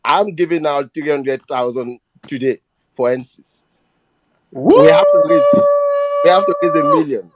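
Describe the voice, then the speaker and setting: A man's voice: a little high, normal speed. A man with a Nigerian accent speaking earnestly and emotionally on a live audio chat, often repeating himself. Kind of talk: impassioned appeal.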